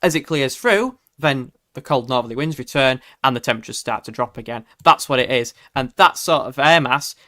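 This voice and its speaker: A man's voice: mid-range voice, lively intonation, fairly quick, hardly any pauses, sharp tone, no room sound, studio quality. Chatty man hosting a live weather stream. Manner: chatty, hesitant with frequent ums, laughs easily. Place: home room.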